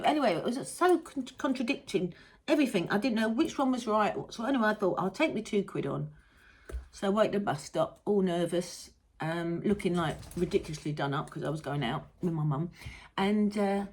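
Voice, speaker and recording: Speaking in a mid-range voice with a breathy edge, a middle-aged woman with a British English accent hosts a relaxed monologue. She chats and rambles casually, swearing mildly now and then.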